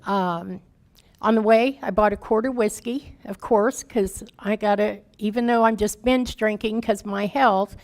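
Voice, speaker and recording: A woman's voice: mid-range voice, steady tone, unhurried, darkish tone. A woman in her fifties, a guest speaker telling her recovery story in candid, plain-spoken, folksy words, emotional and raw. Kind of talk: personal recovery testimony.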